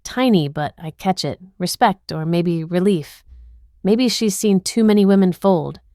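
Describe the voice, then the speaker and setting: A woman narrates a dramatic story in the first person, keeping her delivery tense and inward. Her voice sits on the lower side. The recording is dry, with no room sound at all. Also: unhurried, dark tone, no room sound.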